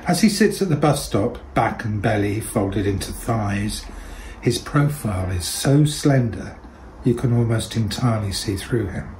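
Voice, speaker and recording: A man reading literary fiction aloud in a measured, deliberate way. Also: lowish voice, lively intonation, a little mellow, slight background noise, low-quality recording. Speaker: reader.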